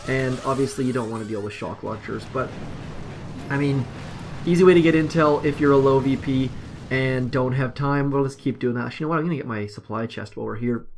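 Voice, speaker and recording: A man's voice: medium pitch, steady tone, brisk, a little hiss or hum. A man casually commenting as he plays a mobile strategy game, rambling and self-deprecating. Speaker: mobile game video host.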